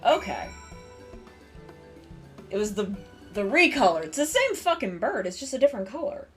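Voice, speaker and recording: A woman streamer chatting casually while playing, excitable and sweary. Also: mid-range voice, normal speed. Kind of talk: casual live-stream gaming chat. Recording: stream with game music behind.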